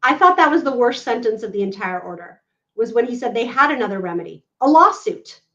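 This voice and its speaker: Emphatic, fairly high-voiced woman legal analyst for a podcast; dull lo-fi audio. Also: sing-song, a little fast, a bit bright. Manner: emphatic, keeps checking in with "right?".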